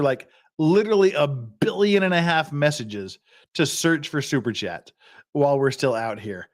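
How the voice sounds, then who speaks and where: A man hosting a casual livestream, swearing a lot and rambling while he drinks and gets tipsy. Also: a little high. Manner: profane, rambling, mocking. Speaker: livestream host.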